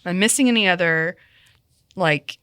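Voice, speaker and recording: A woman hosting a podcast in a studio, chatting casually with animated quick asides. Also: lowish voice, smooth, no room sound. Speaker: podcast host.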